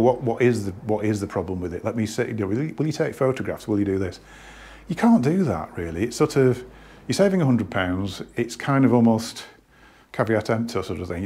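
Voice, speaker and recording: Casual male vlogger, out of breath, low husky voice, hesitant and rambling. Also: a little mellow. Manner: rambling, hesitant, many restarts. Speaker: hi-fi shop owner. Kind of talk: casual product talk to camera.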